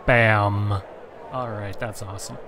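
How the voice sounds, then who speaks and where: A man's voice: mid-range voice, normal speed. Let's-play host: man with a middle-range voice, theatrical reading of game narration, light hiss in the recording. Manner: reads narration with mock-dramatic flair, self-deprecating asides. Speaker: gaming channel host.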